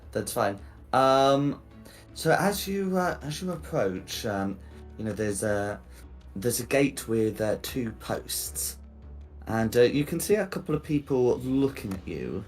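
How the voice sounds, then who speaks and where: A man narrating a tabletop game as game master, pausing often and restarting his sentences. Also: lowish voice. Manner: halting, full of fillers and restarts.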